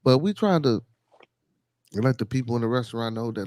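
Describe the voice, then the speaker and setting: A man's voice: mid-range voice, animated, a little fast, a little mellow, no room sound. A man hosting a casual livestream podcast, greeting viewers and rambling loosely with repeated phrases. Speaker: podcast host.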